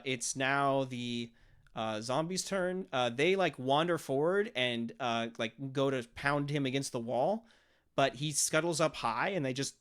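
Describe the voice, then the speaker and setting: A man's voice: medium pitch, a bit bright. A man narrating a tabletop role-playing game as game master, explaining rules and acting out monster noises.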